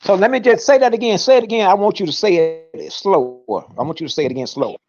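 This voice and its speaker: A man's voice: high voice, expressive, fast, darkish tone, lo-fi sound. A man hosting a casual debate, teasing and interrupting, repeating his demands.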